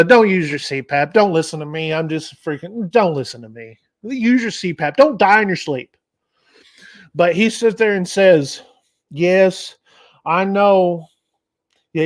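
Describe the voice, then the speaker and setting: Male host, higher-pitched voice, loose rambling storyteller on a casual livestream. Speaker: trucking channel host.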